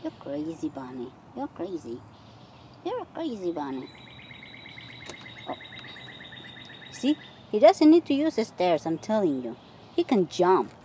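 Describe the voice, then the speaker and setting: Woman, casual chat, outdoors on a phone, lively pitch swings, faint nature sounds behind. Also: measured pace, long pauses, slight background noise. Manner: chatty, talks to her pet rabbit in a high sing-song voice. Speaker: vlogger giving a garden tour. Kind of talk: casual chat while walking. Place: outdoors in a backyard garden.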